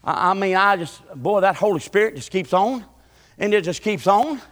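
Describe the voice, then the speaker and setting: Preacher with a high bright voice. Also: male voice, animated, moderate pace, long reverb tail. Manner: preaching with swings from loud shouting to low quiet talk. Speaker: pastor. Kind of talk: sermon. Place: church sanctuary.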